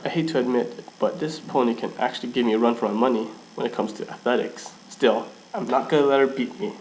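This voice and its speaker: A man's voice: mid-range voice, fast, darkish tone, slight background noise, poor audio. Man reading a story aloud, stumbling. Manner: stumbles and restarts, laughs at himself. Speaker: fan fiction reader. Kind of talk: amateur first-person story reading.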